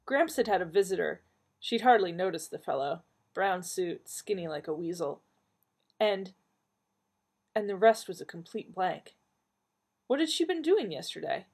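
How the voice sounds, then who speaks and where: A woman reading an audiobook in an expressive, dramatic way. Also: on the low side, measured pace, husky. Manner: dramatic, rising with the heroine's alarm. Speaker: audiobook narrator.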